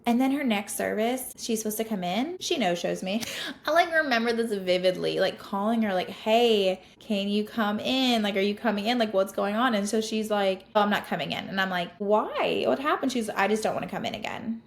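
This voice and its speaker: A woman, a podcast host telling a client story in a casual, animated, exasperated way with lots of "like". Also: medium pitch, a little fast.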